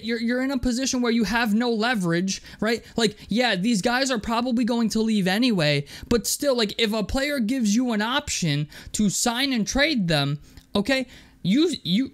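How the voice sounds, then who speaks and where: A man's voice: very high voice, a bit bright. A young man delivering an angry, profane basketball rant, stumbling over and repeating his words as he vents. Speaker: sports commentator.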